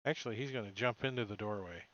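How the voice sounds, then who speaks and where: A man's voice: fairly low pitch, fast, a bit bright, muffled recording. A man narrating as dungeon master in a casual, swearing, joking way. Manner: casual, swearing, laughing often. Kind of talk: narrating a tabletop game.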